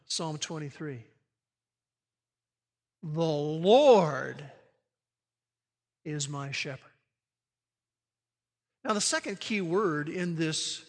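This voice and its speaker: A man preaching a sermon, swinging from loud declarations to hushed, emphatic words. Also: on the high side, big-room sound.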